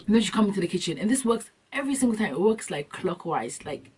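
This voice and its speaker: A young adult woman vlogging, telling comic stories in an animated, slangy way and acting out scenes. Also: mid-range voice, fast talker, breathy edge. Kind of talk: comic storytelling vlog. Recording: distant from the mic.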